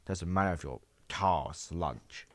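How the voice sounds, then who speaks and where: A man voicing a confident young male hero in an armor suit, speaking low and calm. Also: unhurried, slight background noise. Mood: threatening.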